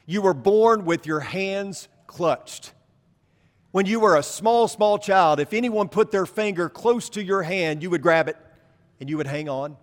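A man's voice: high voice, fairly bright tone, long reverb tail. A man preaching a sermon as a pastor, talking conversationally and asking the congregation rhetorical questions.

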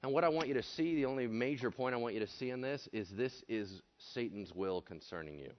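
A man preaching an animated, jokey sermon, acting out voices and swinging between loud and hushed delivery. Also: medium pitch, brisk. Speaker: pastor. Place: church room with audience. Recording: dull lo-fi sermon recording.

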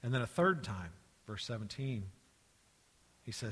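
A man preaching a sermon, acting out the dialogue of the story in lively voices and dropping into hushed, quiet tones. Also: mid-range voice, a little slow, pauses often, slightly rough, in a large hall. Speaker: pastor.

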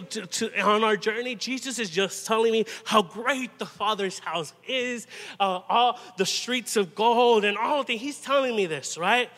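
A man preaching a sermon in a conversational, halting way, often restarting and adding "you know". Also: high voice, sharp tone, long reverb tail. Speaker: pastor.

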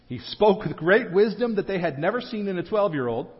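Male pastor, fairly high voice, chatty sermon delivery with joking asides; dull lo-fi church recording. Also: expressive. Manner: conversational, with joking asides and quick restarts. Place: church sanctuary. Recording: dull lo-fi sound with a long hall reverb.

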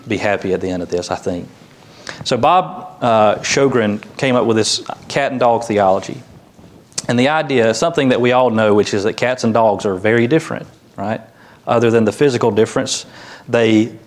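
Man preaching a conversational sermon. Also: medium pitch. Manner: conversational, with light humor and animated quoted voices. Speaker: pastor.

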